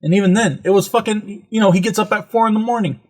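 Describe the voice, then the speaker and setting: A man's voice: high voice, fast. A man hosting a podcast, telling a rambling, profane story in casual chat. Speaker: podcast host.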